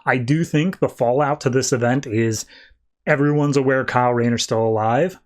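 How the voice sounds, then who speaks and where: A man's voice: mid-range voice, normal speed. A man hosting a podcast, casually recapping a comic issue in a loose, rambling way and paraphrasing scenes. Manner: loose, rambling summary full of 'he's like' paraphrase. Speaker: podcast host.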